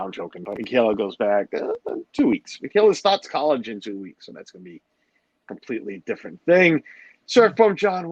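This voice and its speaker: A man's voice: mid-range voice, gravelly, breathy edge, no echo, highs cut off. A middle-aged man hosting a livestream, rambling and joking as he greets his chat. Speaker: livestream host. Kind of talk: casual chat with a live audience.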